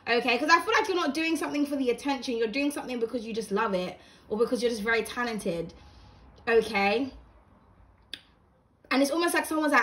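A woman's voice: a little high, animated, a little fast, fairly bright tone. A young woman giving a casual, encouraging tarot reading to camera at home, chatty and full of fillers. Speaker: tarot reader. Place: home room with blinds open.

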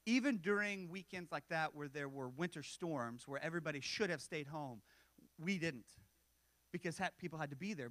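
A man's voice: a little high, pushed and bright, dry recording. Joking conversational preacher, man. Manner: conversational, self-deprecating humor with frequent asides. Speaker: pastor. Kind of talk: sermon.

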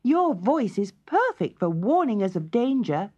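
A woman voicing a grateful blackbird who speaks in a bright, emphatic way. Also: medium pitch, big pitch swings, a little slow, breathy edge, muffled recording, voice pushed up. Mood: relieved.

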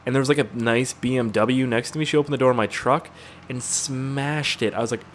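A young adult man giving casual, jokey gameplay commentary, rambling and swearing with excitable outbursts. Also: medium pitch, a little fast, a little hiss or hum. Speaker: gaming YouTuber. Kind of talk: casual let's-play commentary.

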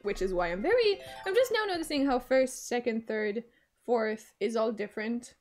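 A woman's voice: on the high side, lively intonation, normal speed. Brief: chatty Quebec-accented woman, French native, raised voice, throat wearing out, game music behind. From Quebec, Canada. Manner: chatty, swears a lot, laughs often. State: voice giving out, sore throat. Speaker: streamer. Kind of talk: casual gaming stream chat.

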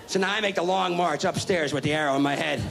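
A man in his thirties doing stand-up comedy, telling a profane story in a brash, rapid-fire way with shouted punchlines, on a live stage. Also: on the high side, gravelly, a faint crowd, slight background noise.

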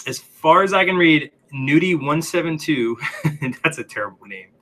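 Young man, livestream host, casual chat, bright forceful voice, fairly high pitch, laughs often. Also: expressive, normal speed. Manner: chatty, laughs often, reads viewer comments aloud. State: out of breath.

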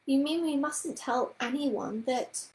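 A woman's voice: high voice, takes it slowly, a little mellow, reverberant, voice pushed up, rough recording. A woman voicing an eager, earnest young girl who speaks breathlessly and pleadingly.

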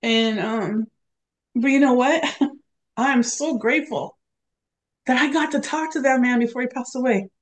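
A middle-aged woman with a fairly high voice tells a personal story as a podcast guest. She speaks with open emotion and acts out the lines of others as she retells them. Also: normal speed, pauses often.

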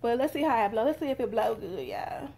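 Chatty high-voiced young woman vlogger. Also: a little fast, gravelly, darkish tone, breathy edge. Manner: chatty, talks straight to viewers. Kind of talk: casual haul vlog.

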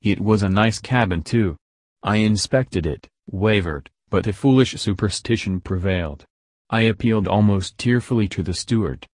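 A man with a fairly low voice narrates an audiobook, reading the scripted text in a measured, even storytelling manner. There's no room sound.

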